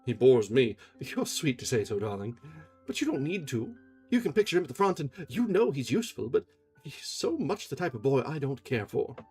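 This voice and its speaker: A tender, anxious young woman in love, voiced by a man reading a novel aloud. Her lines come soft and fretful, husky in tone and lilting widely in pitch. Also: big pitch swings, moderate pace, faint music behind.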